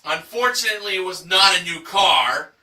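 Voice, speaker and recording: A man hosting a game show recap, reading the results in a showy announcer style with drawn-out shouted prices. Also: high voice, lively intonation, roomy sound, distant mic. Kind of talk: enthusiastic scripted recap narration.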